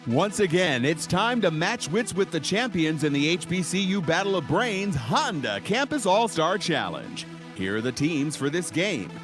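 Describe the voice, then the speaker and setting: A man announcing a game show, introducing the teams in a showy, sing-song way. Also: fairly high pitch.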